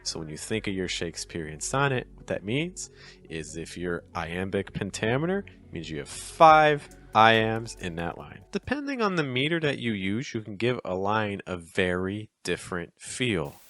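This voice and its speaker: Low-voiced man teaching poetic meter. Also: very animated, normal speed, fairly bright tone. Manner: demonstrates stress with exaggerated pitch swings; chatty and encouraging. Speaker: poetry teacher. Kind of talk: explainer video lesson.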